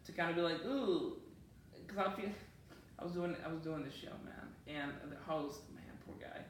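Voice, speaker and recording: A man's voice: fairly high pitch, steady tone, a little fast, a bit bright, a little hiss or hum. A man from Mexico, a stand-up comedian, chatting casually in an interview and often saying "man". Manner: laid-back, sprinkles in "man", acts out quoted bits. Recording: echoey room, distant mic.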